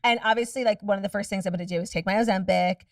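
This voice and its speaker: A woman's voice: medium pitch, fairly even intonation, no echo, clean studio sound, distant mic. A woman guest chatting casually on a podcast, candid and profane, telling stories in a rush. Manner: candid, profane, rapid storytelling.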